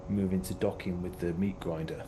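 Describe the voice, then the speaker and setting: Game master, male, low voice, rambling narration, noisy background. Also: sing-song, a little fast, vocal fry. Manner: loose, rambling, heavy on fillers.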